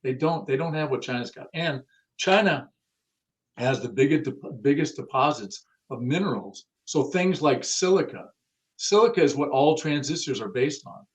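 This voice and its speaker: A man's voice: a little high, animated, normal speed. A man being interviewed about the car audio industry, talking bluntly and casually with some cursing and acting out the people he quotes. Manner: blunt, profane, acts out quoted dialogue.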